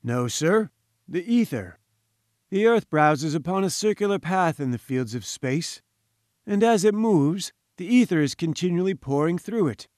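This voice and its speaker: A man's voice: a little high, dry recording, studio quality, lightly acted. A man playing a pompous lecturing professor. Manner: patronizing, lecturing, grandiose. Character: pompous, condescending male professor-scientist. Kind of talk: audiobook character voice.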